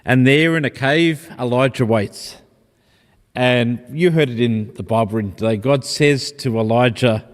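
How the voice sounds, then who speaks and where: A male preacher with a mid-range voice gives a reflective, gently paced sermon. He mixes warm personal confession with scripture. The sound carries a long church reverb. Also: mid-range voice, measured pace.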